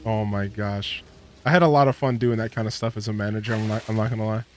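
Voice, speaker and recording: A man's voice: fairly low pitch, fairly even intonation, fast, faint music behind. A man streaming a farming game, rambling through a casual story with lots of fillers and laughter. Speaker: gaming streamer. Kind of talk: casual gameplay commentary.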